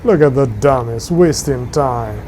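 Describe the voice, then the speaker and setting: A man hosting a live stream and commenting on a video, halting with many fillers and restarts, mocking the people in it. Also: medium pitch, expressive, dark tone, a little hiss or hum. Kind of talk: casual commentary.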